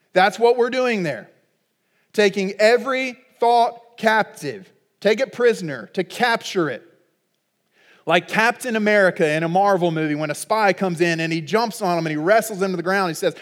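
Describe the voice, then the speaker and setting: A middle-aged man preaching a sermon as pastor, animated and acting out little voices in his illustrations. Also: high voice.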